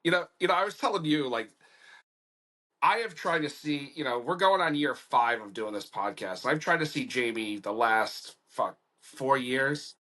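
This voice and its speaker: Blunt, bright-voiced podcast host. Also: male voice, medium pitch, lively intonation, moderate pace. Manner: blunt, profane, emphatic. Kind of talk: casual podcast chat.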